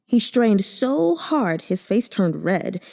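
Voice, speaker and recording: Brief: woman audiobook reader, mellow tone, very lively pitch, emotive. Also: slow, gravelly. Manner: expressive, emotive reading. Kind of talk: expressive novel narration.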